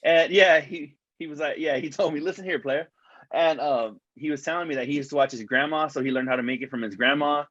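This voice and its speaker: A man's voice: fairly high pitch, steady tone, quick pace, few pauses, a bit bright, dry recording, dull audio. A man co-hosting a podcast, telling long rambling stories full of swearing and calling his friend "dog". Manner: profane, rambling storyteller, says "dog" a lot. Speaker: podcast co-host. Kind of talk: casual chat.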